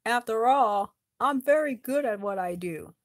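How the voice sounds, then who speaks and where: A woman's voice: a little high, animated, measured pace, no room sound, studio quality. A woman voicing a prim male hobbit who snaps and boasts of his skill. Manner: snappish, self-satisfied.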